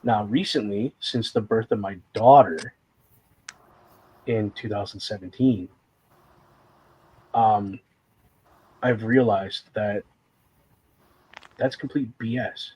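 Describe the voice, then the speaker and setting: A man's voice: lowish voice, slow pace, pauses often, a little mellow, breathy edge, poor audio. A man talking candidly and emotionally in a casual conversation, a guest sharing a personal story with rambling fillers and moments of fighting back tears.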